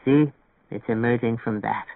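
A man voicing a gentle, kindly older record-shop owner in an audiobook reading, speaking softly and patiently, with a dry, phone-like narrow sound. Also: medium pitch, normal speed, gravelly, no room sound, voice pushed down. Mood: calm. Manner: soft, calm, patient.

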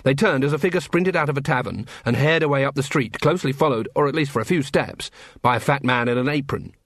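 A man narrating a story in a wry, expressive reading. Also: medium pitch, fast, no room sound, studio quality. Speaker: audiobook narrator. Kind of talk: scripted narration.

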